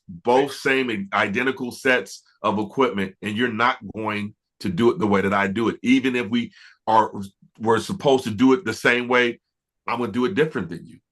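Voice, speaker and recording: Bright-voiced man telling studio stories. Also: lowish voice. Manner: relaxed, reflective, many fillers and restarts. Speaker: music producer, interview guest. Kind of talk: casual interview storytelling.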